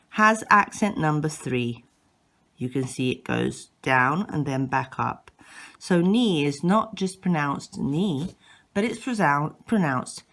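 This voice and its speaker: A woman language teacher speaks slowly in a low voice, patiently explaining a lesson. She repeats and demonstrates sounds, correcting herself now and then.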